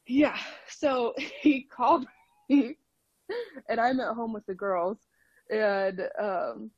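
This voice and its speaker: A woman's voice: fairly high pitch, fairly even intonation, slow pace, husky, dry recording, dull audio. A woman guest on a podcast, chatting casually and laughing often as she tells a story over a call. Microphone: phone call.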